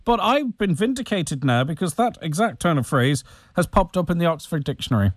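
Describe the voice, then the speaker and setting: A man hosting a radio interview, easygoing and halting, with many fillers. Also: a little high, expressive, dry recording, studio quality. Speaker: radio host. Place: radio studio.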